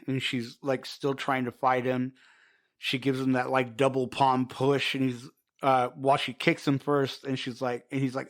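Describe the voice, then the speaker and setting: A man's voice: mid-range voice, little pitch movement, normal speed. Male podcast co-host, casual and rambling, retells the story with plenty of fillers and loose character bits, mid-range voice. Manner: rambling, filler-heavy, loosely acts out quoted lines. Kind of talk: casual chat retelling a comic.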